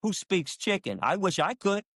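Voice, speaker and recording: A man's voice: sing-song, moderate pace, no echo, clean studio sound. A man, an animal rights activist, speaking passionately in an interview and telling stories in an emphatic way. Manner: emphatic, acts out quoted dialogue with sharp jumps in pitch. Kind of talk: impassioned conversational storytelling. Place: lives in Michigan.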